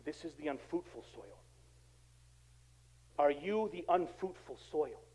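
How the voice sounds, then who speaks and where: A male pastor preaching a sermon in a casual, conversational way, swinging from quiet asides to loud emphatic bursts. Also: on the high side, a little slow, husky, low-quality recording. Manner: animated, conversational preaching with dramatic swings in volume.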